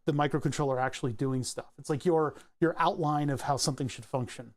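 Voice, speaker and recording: Give me a slightly high-voiced man casually explaining his code, rambling and laughing at himself. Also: brisk. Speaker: hobbyist electronics maker.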